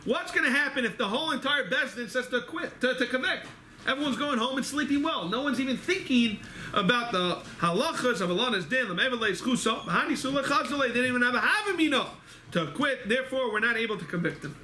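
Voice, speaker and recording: A man teaching a Talmud study class, moving quickly through the text and answering his own questions as he goes. He speaks in a synagogue study hall. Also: very high voice, expressive, pushed and bright, slight background noise. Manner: rapid, quizzing himself with questions. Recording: echoey hall recording.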